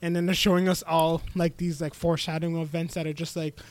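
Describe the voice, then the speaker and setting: Brief: high-pitched guy, anime podcast co-host, jokey recap voice. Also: flat delivery, fast talker. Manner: laughing, recaps plot with mock voices. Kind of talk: casual chat.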